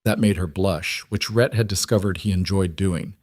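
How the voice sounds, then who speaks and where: A man tells a scripted western story in a steady, measured voice. His voice sits fairly low and sounds dry and close, with no room around it. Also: dry recording. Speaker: narrator. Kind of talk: scripted narration.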